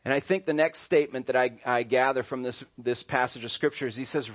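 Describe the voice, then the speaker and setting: A man's voice: mid-range voice, fairly even intonation, quick pace, hardly any pauses. A man preaching in a muffled recording. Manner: conversational preaching with acted-out voices. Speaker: pastor. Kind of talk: sermon. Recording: dull lo-fi church recording.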